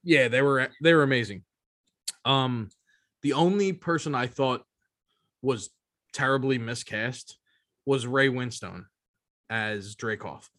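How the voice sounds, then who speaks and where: A man's voice: mid-range voice, slow pace, long pauses, a bit bright, no echo, clean studio sound. A man co-hosting a podcast in casual chat, rambling and emphatic, often asking "you know what I mean". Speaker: podcast co-host.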